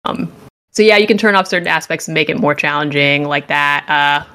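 Lively, joking woman host, slightly low voice. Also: a little fast. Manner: animated, joking, rambling and enthusiastic. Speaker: podcast host reviewing a game. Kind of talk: casual chat.

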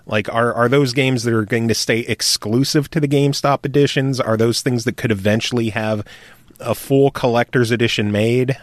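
A man's voice: medium pitch, fairly even intonation, normal speed, no room sound. A male interviewer asks his questions in a loose, playful, conversational way. His voice is recorded close and dry, with no room sound around it. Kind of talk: casual interview.

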